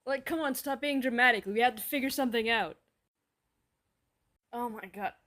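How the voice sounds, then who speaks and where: Comedy skit voice: woman, somewhat high, dry and sarcastic banter, swears casually. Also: fast talker, sharp tone. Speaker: comedy sketch voice performer. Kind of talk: comedic dialogue skit, voicing several characters.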